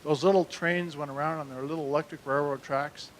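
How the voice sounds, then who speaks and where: A man's voice: on the high side, steady tone, brisk, slight background noise. A man hosting an open comedy night, doing a bit and hyping the crowd to bring up the next act. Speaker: open mic host and comic. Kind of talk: stand-up and emceeing. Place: small comedy club stage.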